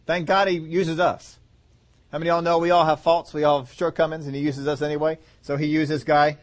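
A man's voice: a little high, level tone, fairly quick. A man preaching a sermon, joking and acting out the story in voices. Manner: humorous, acts out scenes in voices, laughs often.

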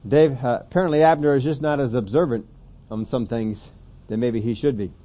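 Mellow-voiced man preaching a sermon. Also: mid-range voice, a little fast. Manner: conversational, rising to emphatic scripture reading.

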